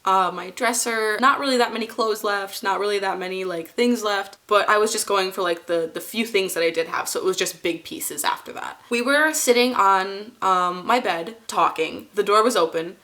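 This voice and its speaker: A woman's voice: medium pitch, moderate pace, hardly any pauses, bright, forceful tone. A young woman in her twenties, casually telling a personal story to camera, rambling with many fillers and restarts.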